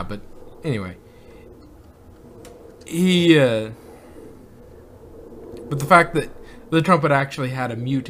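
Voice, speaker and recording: A man's voice: medium pitch, background noise. Male host, casual review chat, rambling delivery with frequent chuckles, mid-range voice. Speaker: podcast host.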